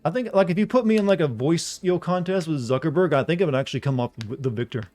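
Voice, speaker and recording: A man streaming a video game, chatting casually to his viewers in a flat, deadpan way. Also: on the high side, quick pace. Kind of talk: casual live-stream commentary.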